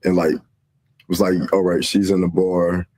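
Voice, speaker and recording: Low, husky laid-back male storyteller. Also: level tone, unhurried, warm tone. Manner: laid-back, plain recounting. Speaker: interview guest, dancer. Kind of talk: casual storytelling interview.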